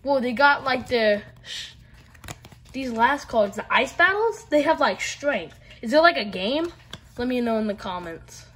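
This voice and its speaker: A woman's voice: on the high side, animated, unhurried, fairly bright tone, slight background noise. A woman with a Southern US accent chatting casually to viewers while she opens card packs, with lots of fillers. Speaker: card-opening vlogger. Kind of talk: casual pack-opening chat.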